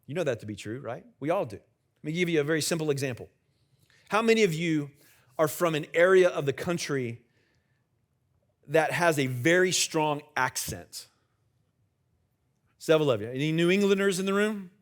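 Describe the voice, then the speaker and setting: Middle-aged male pastor, conversational sermon with jokes for the congregation, voice a bit on the high side. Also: animated, moderate pace, pauses often. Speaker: senior pastor. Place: church sanctuary with live congregation.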